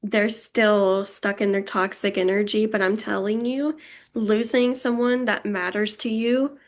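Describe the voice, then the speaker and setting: A woman's voice: mid-range voice, fairly even intonation, measured pace. A young woman giving a pick-a-card tarot reading, emotional and gushing as she talks straight to her viewers. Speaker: tarot reader.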